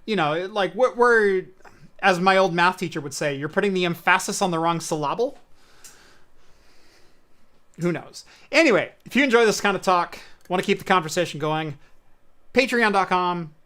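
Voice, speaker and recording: A man hosts a relaxed tech podcast in a bright, forward voice. He rambles through jokes and show plugs in loose, easygoing chat. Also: high-pitched, normal speed, long pauses. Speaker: podcast host.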